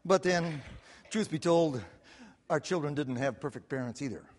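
A man preaching a sermon, telling the story with lively repetition and quick asides, recorded in a church sanctuary. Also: a little high. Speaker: pastor. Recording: long hall reverb.

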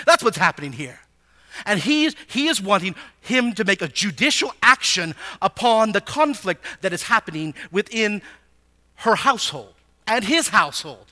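A man teaching a Bible passage in a sermon, animated and asking his listeners frequent rhetorical questions. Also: high voice, normal speed.

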